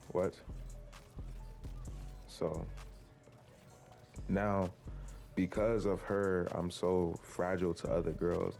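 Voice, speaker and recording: A teenage boy vlogger with a low, gravelly, mellow voice tells his viewers a rambling personal story to camera, packed with "likes" and restarts.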